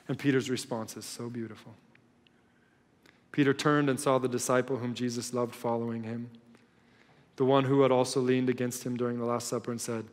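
A male pastor preaching a sermon in a storytelling way, swinging between loud and hushed. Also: mid-range voice, little pitch movement, brisk, long reverb tail.

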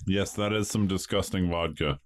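Low-voiced man, tipsy co-host, dry quipping manner. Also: moderate pace, very noisy. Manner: joking, dry quips. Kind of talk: casual chat.

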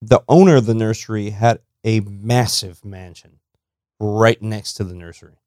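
A man's voice: fairly low pitch, normal speed, a little mellow, smooth, no room sound, studio quality. A man in his forties from South Florida, co-hosting a casual chat over beers, telling stories in a laid-back way. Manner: laid-back storyteller, uses "bro". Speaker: podcast co-host.

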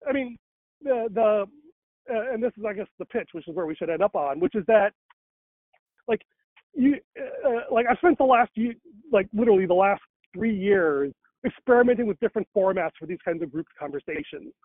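Rambling man in casual conversation, high voice, tinny phone-line sound. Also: expressive, moderate pace, no echo. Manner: rambling, many fillers and restarts.

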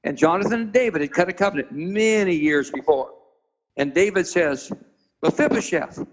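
A man with a high voice tells a Bible story as a sermon, jumping into even higher voices for the figures he acts out. He slows down to spell out and stress Hebrew words. The recording sounds dull and muffled. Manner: acts out quoted characters with sudden high-pitched voices. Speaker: pastor being interviewed. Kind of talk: preaching, dramatic Bible storytelling.

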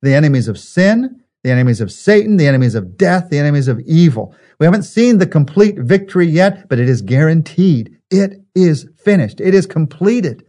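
A man's voice: on the high side, big pitch swings, fairly quick, few pauses, dark tone. A man preaching a sermon in an earnest way, building his points through repetition. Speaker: pastor.

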